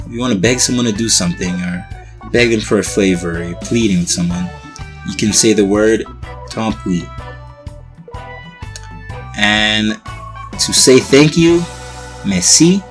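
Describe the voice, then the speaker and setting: A man teaching everyday classroom phrases in a relaxed, patient way, as a language lesson host. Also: fairly low pitch, unhurried, pauses often, soft background music. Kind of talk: explaining vocabulary for a language lesson.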